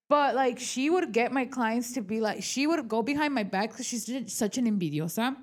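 Her voice is a little high, her pace moderate, and she barely pauses: a young woman co-hosting a casual podcast. A real estate agent, she speaks frankly and animatedly, swears and uses fillers a lot, and acts out dialogue she's quoting.

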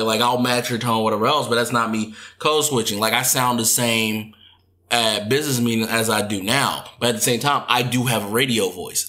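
A man co-hosting a podcast, chatting casually and animatedly, now and then jumping into playful put-on voices. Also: medium pitch. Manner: animated, jumps into exaggerated impressions. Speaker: podcast co-host. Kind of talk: casual chat.

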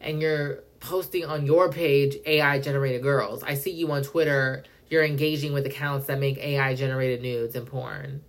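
Young female podcast host, low-pitched, fast and profane rant with sudden high jumps. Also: steady tone. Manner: fast, profane, heavy use of "like", indignant; pitch jumps up when worked up. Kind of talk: casual monologue rant.

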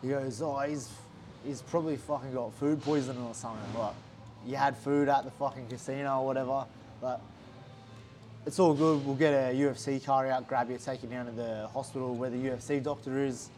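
A man's voice: medium pitch, steady tone, fairly quick, darkish tone, slight background noise. A young Australian man, a fighter, telling a story in a casual interview, swearing a lot and acting out what others said. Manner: swears a lot, acts out quotes animatedly.

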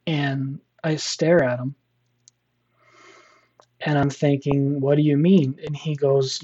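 Man, storyteller guest, mellow tone, rambling delivery with fillers, dull lo-fi recording. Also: a little high, flat delivery, slow pace, long pauses. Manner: rambling, many fillers and restarts. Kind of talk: casual spoken storytelling.

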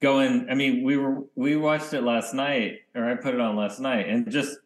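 A man co-hosting a podcast in casual chat, rambling and often trailing off into quiet mumbles. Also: medium pitch, steady tone, normal speed. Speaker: podcast co-host.

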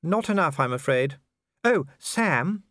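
A man's voice: a little high, lively intonation, takes it slowly, pushed and bright, dry recording, studio quality, pitched above the performer's own voice, full character voice. A man voicing a proper, worried noblewoman who speaks in a genteel, fussy way. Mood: fussing. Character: proper, worried noblewoman, middle-aged wife. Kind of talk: audiobook character voice.

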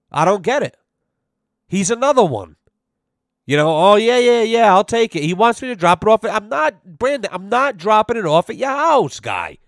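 Man podcast host, blunt, profane, animated storyteller, dry close sound. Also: high-pitched, no room sound. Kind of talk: casual profane podcast chat.

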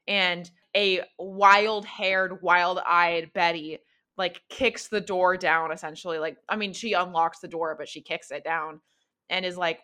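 A woman's voice: on the low side, pushed and bright. A woman narrating a tabletop role-play as game master, in a loose, rambling way full of fillers.

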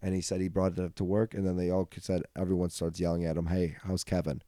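A man's voice: low voice, level tone, quick pace, warm tone, no echo, clean studio sound. A young man hosting a comedy podcast, telling rambling, profane stories and laughing often. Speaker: podcast host. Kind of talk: casual comedic storytelling.

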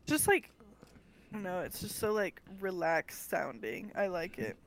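A young adult woman co-hosting a casual podcast, chatty and quick to laugh, with plenty of fillers. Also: on the low side, animated, slight background noise, rough recording. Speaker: podcast co-host. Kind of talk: casual chat.

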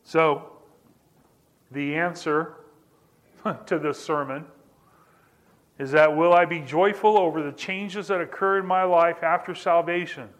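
A man's voice: on the high side, fairly even intonation, a little slow, long pauses. A male pastor preaching, telling a personal story in a conversational way and repeating phrases for emphasis. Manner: repetitive, building emphasis through restated phrases; conversational, addresses listeners directly.

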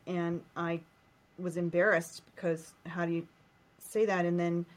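In a coaching session, an American woman shares a painful childhood memory through short, repeated, emotional phrases. Her voice is fairly low and level, and she speaks at a measured pace.

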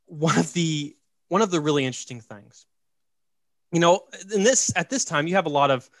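A man casually telling a story on a podcast, joking and animated, tossing in "right?" and "like" as he goes. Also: fairly high pitch, normal speed, no room sound, clean studio sound. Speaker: podcast host.

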